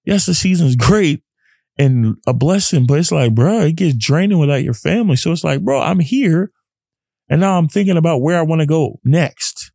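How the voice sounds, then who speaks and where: A man's voice: a little high, expressive, normal speed, vocal fry, warm tone, breathy edge, no echo, clean studio sound. A young man hosting a casual solo podcast, talking in an earnest, rambling way. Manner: rambling, earnest, often acts out his own inner voice. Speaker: podcast host.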